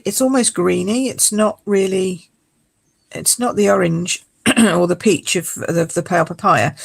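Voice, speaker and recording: Croaky woman demonstrating card making. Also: lowish voice, low-quality recording. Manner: chatty, explains step by step with fillers. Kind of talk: live craft demonstration.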